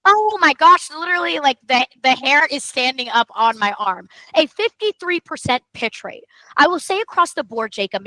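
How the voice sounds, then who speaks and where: A woman hosting a sales training call, talking emphatically and excitably and repeating things for emphasis. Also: mid-range voice, dry recording, low-quality recording. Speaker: marketing coach host.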